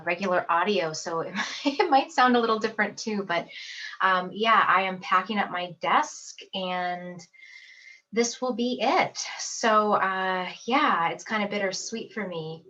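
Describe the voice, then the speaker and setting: A woman's voice: medium pitch, unhurried, pushed and bright, slight background noise. Woman in her thirties, herbalist, casual chat to camera, reflective, fillers, slightly dull lo-fi sound. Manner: chatty, reflective, with laughs and fillers. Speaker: herbalist and herb school teacher. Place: home office. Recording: slightly dull lo-fi audio, not her usual mic.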